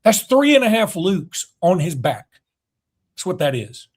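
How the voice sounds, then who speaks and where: A man, co-hosting a casual sports podcast, animated and jokey. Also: high-pitched, a little slow. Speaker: podcast co-host.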